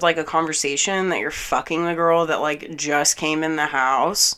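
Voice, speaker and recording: A young woman with a low, dark-pitched voice tells a story in a casual vlog. She is angry and exasperated, swears often and acts out each side of an argument with lively energy. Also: moderate pace, few pauses, smooth. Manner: animated, swears a lot, acts out both sides of the argument.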